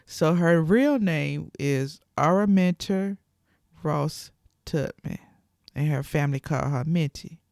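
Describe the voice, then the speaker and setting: A woman's voice: deep voice, expressive, takes it slowly, vocal fry, a little mellow, no echo, studio quality. A woman casually retelling a film's plot in her own words, chatty and full of fillers. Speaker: channel host. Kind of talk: casual movie recap.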